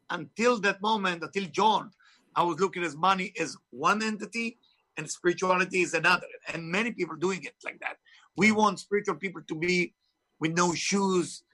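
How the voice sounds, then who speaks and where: A man with a heavy foreign accent, an author and spiritual teacher, speaks emphatically and preachily in an interview, using non-native phrasing. His voice sits high and has a sharp tone.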